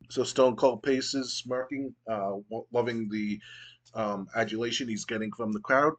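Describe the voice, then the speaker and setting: In a casual let's play, a man narrates the action with relaxed play-by-play and the occasional filler. His pitch is medium and his delivery a little slow.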